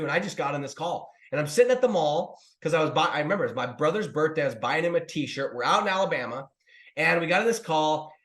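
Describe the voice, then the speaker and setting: Animated man telling a story, roomy echo. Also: on the high side. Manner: animated, talks to viewers as "dude" and "guys". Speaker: online business coach. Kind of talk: casual storytelling to camera.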